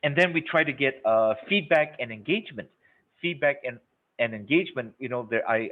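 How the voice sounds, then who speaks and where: A man's voice: medium pitch, moderate pace. A man leading a live sales-training webinar, emphatic and repetitive, checking in with the audience as he goes. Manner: emphatic, repeats words, checks in with "okay?" and "right?". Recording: narrow phone-like webinar audio.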